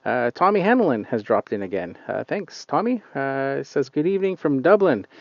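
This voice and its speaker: A lawn care channel host talks into his phone during a casual outdoor live stream on a client's lawn, rambling and hesitating with plenty of fillers. His medium-pitched voice swings widely in pitch at a moderate pace, and the audio is dull with no room sound.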